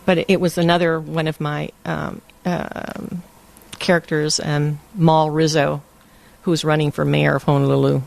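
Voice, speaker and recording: An older woman from Hawaii telling lively stories in a casual interview and laughing often. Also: low-pitched, unhurried, creaky. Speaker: interview guest. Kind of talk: casual storytelling.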